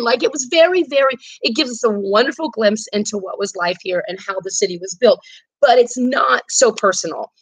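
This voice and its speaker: A woman tour guide telling history on a live stream, her voice a touch high and full of animated, chatty energy. She slips into little acted quotes and keeps the tone conversational. The sound is dry and close, with no room echo. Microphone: phone or camera on a live stream.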